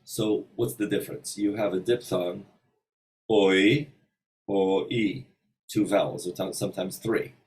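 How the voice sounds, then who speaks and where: A man giving an informal singing lesson in a hotel room, thinking aloud with many pauses and breaking into short sung examples. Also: deep voice, steady tone, darkish tone, distant mic, poor audio. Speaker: voice teacher.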